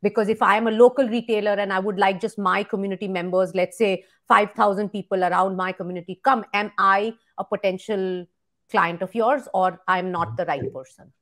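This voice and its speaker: A woman's voice: mid-range voice, a little fast, a bit bright. A woman hosting a podcast interview, asking long, winding questions. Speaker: podcast host.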